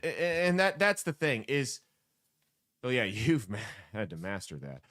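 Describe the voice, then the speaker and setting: A man's voice: mid-range voice, sing-song, moderate pace, a bit bright. Blunt, profane male podcast host. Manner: blunt, profane, mocking rants. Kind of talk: casual commentary.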